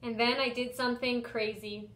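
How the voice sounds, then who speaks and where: With a fairly high voice and plenty of expression, a young teacher brings a children's picture book to life, narrating in a lively first-person style at a moderate pace. The recording carries a roomy echo.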